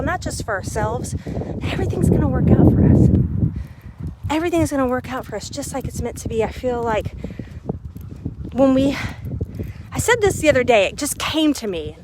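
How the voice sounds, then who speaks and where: A woman, a mindset coach, telling a personal story to her viewers in a casual vlog, animated and laughing often as she acts out what people said. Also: sits high, background noise.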